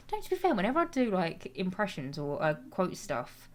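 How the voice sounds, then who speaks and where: A woman's voice: fairly low pitch, wildly swooping pitch, brisk. A young British woman chatting casually on a game stream, reading chat aloud and answering with some swearing.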